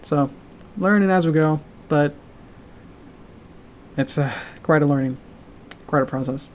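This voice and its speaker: A man with a somewhat high voice chats casually to his stream audience, pausing often and filling gaps with "um" and soft laughs. His throat sounds sore and tired. A faint hum from a heater sits behind him in his home room. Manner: halting, with filler words and soft laughs. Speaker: animator streamer. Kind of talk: casual live-stream chat.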